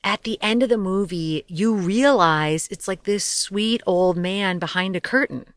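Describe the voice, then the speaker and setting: A young woman with a medium-pitched voice speaks a little slowly on her own podcast, recorded in studio quality with no echo. In casual solo talk about life coaching, she's chatty and animated, laughing often, swearing lightly and making loose asides.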